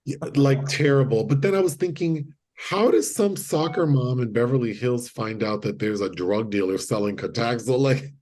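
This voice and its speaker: A man co-hosting a podcast, retelling a film in casual chat and acting out the characters' lines with animated delivery. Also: mid-range voice, normal speed, few pauses. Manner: animated storyteller, acts out quotes. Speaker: podcast co-host.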